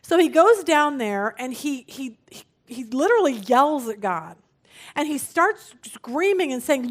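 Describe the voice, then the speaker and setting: A middle-aged woman teaching a Bible study, telling stories in an animated way and acting out what people said. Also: sits high, unhurried. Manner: animated, acts out quoted speech.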